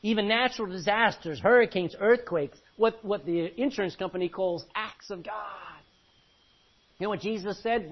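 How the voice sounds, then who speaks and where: A man preaching a sermon with animated delivery, swinging from quiet to loud. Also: high voice, moderate pace, breathy edge, dull audio.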